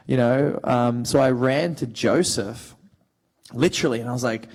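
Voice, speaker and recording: Australian actor, 30s, chatty panel storyteller, mid-pitched, loose and full of fillers. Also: male voice, a little fast. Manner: animated storyteller, many fillers. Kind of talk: anecdotal panel talk.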